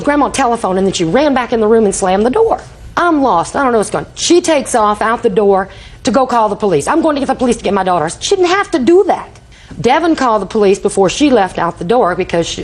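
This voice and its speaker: An older woman with a medium-pitched voice testifies as a litigant in a TV courtroom, telling a rambling story and acting out the quoted dialogue. The recording quality is low.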